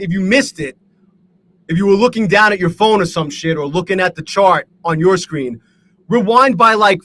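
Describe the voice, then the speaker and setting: A man with a high-pitched voice hosts a live trading stream and talks to his viewers as he trades. His delivery is a profane, exasperated rant, full of swearing. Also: pushed and bright. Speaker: livestream host and day trader. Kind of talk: live trading commentary to chat.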